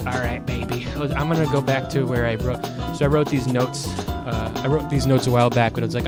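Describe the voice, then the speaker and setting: A man's voice: medium pitch, fairly even intonation, a little fast, loud music behind the voice. A man streaming, chatting casually in a profane, ranting way. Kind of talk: casual chat.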